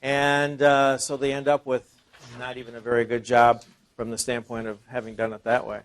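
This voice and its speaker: A man's voice: medium pitch, level tone, moderate pace, smooth. A man presenting at an informal seminar, talking conversationally and asking the audience rhetorical questions, often repeating and restarting phrases. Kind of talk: informal sales seminar talk.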